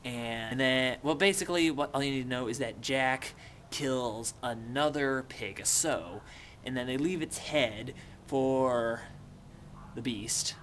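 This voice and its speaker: A young man giving a joking, offhand summary of a novel, breaking into shouted character voices. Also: medium pitch, takes it slowly, a little hiss or hum. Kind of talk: comic book summary with voices.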